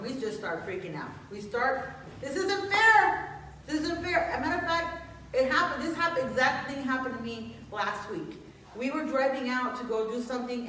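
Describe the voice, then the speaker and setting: A woman's voice: on the high side, a bit bright, a little hiss or hum. Woman preaching in an echoey sanctuary. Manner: conversational, personal storytelling. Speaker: pastor. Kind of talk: informal sermon. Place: church sanctuary. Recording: echoey room, distant mic.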